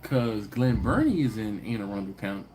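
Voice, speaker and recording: A man's voice: fairly low pitch, sing-song, moderate pace, a little mellow, a little hiss or hum. A man hosting a live stream. He talks casually with viewers, tells stories, laughs often and acts out the people he quotes. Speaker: host of a live barbecue channel stream.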